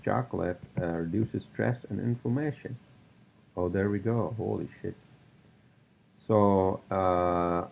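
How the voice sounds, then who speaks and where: A man's voice: lowish voice, gravelly, darkish tone, lo-fi sound. A man hosting a solo podcast, rambling through topics with lots of fillers and profane rants. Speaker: podcast host.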